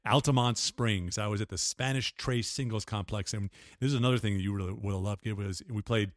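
A man's voice: fairly low pitch, fairly quick, no echo, studio quality. An older man, a guest on an interview show, telling rambling stories with restarts and laughs. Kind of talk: casual storytelling interview.

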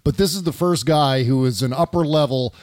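A man's voice: fairly high pitch, a little fast, darkish tone, no echo. Male podcast host, casual political talk, blunt and salty, plenty of "uh"s, dry close sound. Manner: blunt, profane, with frequent filler "uh".

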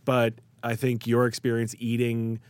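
A guest writer from the Chicago area, USA, tells food stories in a casual interview, animatedly acting out the people he quotes in lively voices. His voice is mid-range and clean, his pace measured, and the recording is dry.

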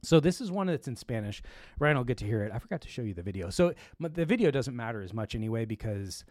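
A man in his regular speaking pitch hosts a tech show, talking casually and rambling with plenty of fillers, restarts and small detours. He sits close to the mic in a dry room with almost no reverb. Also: big pitch swings, fast talker, a little mellow. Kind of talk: casual chat.

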